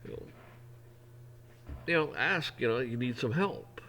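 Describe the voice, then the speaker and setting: A man's voice: mid-range voice, animated, a little slow, bright, forceful tone, a little hiss or hum. Folksy middle-aged man rambling. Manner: rambling, folksy, with frequent restarts. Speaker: vlogger. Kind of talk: casual opinion monologue.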